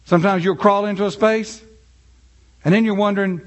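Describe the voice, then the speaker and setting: A man preaching a sermon to his congregation in a conversational way, asking them questions and swinging from loud, high preaching to quiet, low and soft delivery. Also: steady tone, brisk. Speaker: pastor.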